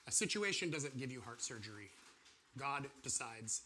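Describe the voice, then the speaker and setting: A man teaching an informal sermon to a class, animated and acting out the voices of people and God. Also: medium pitch, normal speed, a little hiss or hum. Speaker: pastor or church teacher.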